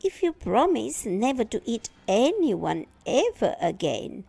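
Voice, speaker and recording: Woman doing a young boy, storybook, high-pitched, loud, eager, exclaiming. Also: big pitch swings, unhurried, gravelly, breathy edge, no room sound, exaggerated voice. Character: young boy hero, bold and frightened. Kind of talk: storybook reading.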